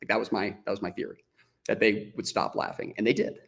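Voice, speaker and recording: A man as a podcast guest, telling a story in a casual, animated way, acting out the dialogue as he goes and often restarting his sentences. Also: fairly low pitch, quick pace, vocal fry. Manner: frequent restarts and "like" fillers.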